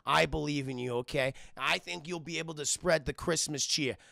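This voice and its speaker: A man voicing a sweet but freeloading male friend, in a low, coaxing, sheepish manner. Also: normal speed, gravelly, bright, forceful tone, dry recording, studio quality, full character voice.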